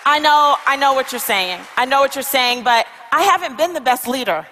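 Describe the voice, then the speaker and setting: A woman's voice: sits high, lively intonation, brisk, pushed and bright, long reverb tail, some chatter behind. A woman playing a weary traveler who talks hesitantly and confessionally about her doubts in a motivational comedy skit. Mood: doubtful.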